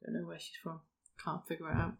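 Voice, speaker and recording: A woman's voice: low-pitched, monotone, fast, vocal fry, a crowd in the background. A woman, co-hosting a casual podcast chat and explaining a routine step by step. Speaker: podcast co-host.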